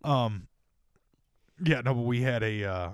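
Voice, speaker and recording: A man's voice: medium pitch, measured pace, clean tone, no echo. Podcast co-host, male, foul-mouthed joker, dry recording. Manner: crude, joking storyteller, laughs often. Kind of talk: casual chat.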